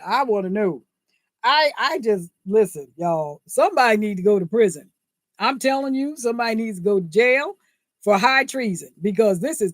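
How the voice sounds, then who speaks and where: A woman hosts her own vlog, talking to viewers in a loose, indignant monologue. Her voice sits on the high side and she laughs as she talks, tossing out rhetorical questions. The sound is close and dry, with no room echo. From United States. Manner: animated, indignant, laughs mid-sentence, asks rhetorical "right?". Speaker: vlogger, channel host. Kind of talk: casual opinion monologue to viewers.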